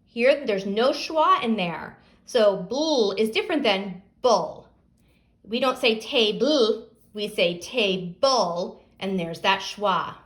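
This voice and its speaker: A woman teacher giving a phonics lesson, sounding out words slowly and asking young pupils questions. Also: mid-range voice, lively intonation, a bit bright.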